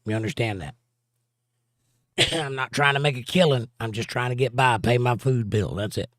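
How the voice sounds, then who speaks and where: A man hosts a casual livestream, reading out viewer chat messages and answering them in a steady, conversational way. His voice sits at an ordinary middle pitch, and the recording is close and dry with no room sound. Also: normal speed, no room sound. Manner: reads viewer comments aloud in a steady conversational drawl.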